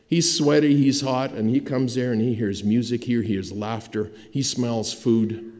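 A man preaching a sermon, telling the story dramatically and swinging between loud emphasis and hushed, quiet lines. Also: medium pitch, steady tone, a little slow. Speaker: pastor. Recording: long hall reverb.

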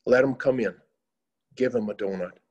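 Man reading a spent, earnest young student; soft, slightly low. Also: moderate pace, husky, dull audio, close to an everyday voice.

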